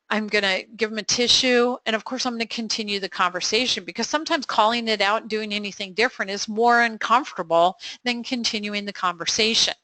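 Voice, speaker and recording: A middle-aged woman hosting a live coaching webinar Q&A, upbeat and encouraging with quick affirmations and frequent fillers. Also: medium pitch, bright, forceful tone, no echo.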